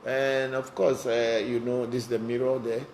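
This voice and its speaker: A man's voice: mid-range voice, little pitch movement, moderate pace, darkish tone, slight background noise. A man, a spiritual teacher, answering viewer questions in a live online session, talking bluntly and often repeating words as he goes.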